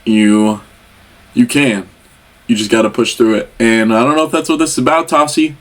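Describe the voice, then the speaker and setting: A man's voice: medium pitch, fairly even intonation, moderate pace. Rambling young man reacting to music. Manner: rambling, chatty, addresses the artist as brother. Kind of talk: casual chat.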